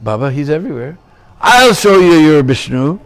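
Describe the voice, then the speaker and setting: A man voicing a serene, fearless devout boy answering his father calmly. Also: on the high side, quick pace. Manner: calm, simple answers.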